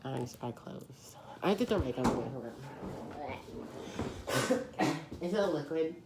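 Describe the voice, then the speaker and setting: A woman vlogging at home in her kitchen, talking slowly with a lively, swooping pitch. She giggles and exclaims a lot. The room is echoey and there is clear noise behind her. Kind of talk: casual chat.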